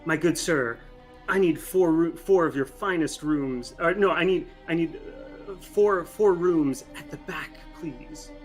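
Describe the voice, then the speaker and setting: A man's voice: on the high side, measured pace, soft background music, natural voice. A man voicing a pompous, rich male halfling who is clueless about money and talks grandly. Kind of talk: tabletop role-play voicing.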